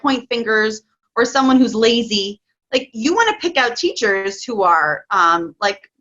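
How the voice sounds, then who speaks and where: A woman coaching parents in a casual interview, chatty and excitable, laughing often. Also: fairly high pitch, dull audio.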